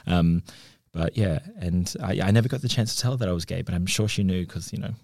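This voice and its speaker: Guest: young man, low gravelly voice, open and heartfelt, dry close sound. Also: fast, few pauses, darkish tone. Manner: open, emotional storytelling. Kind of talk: casual conversation.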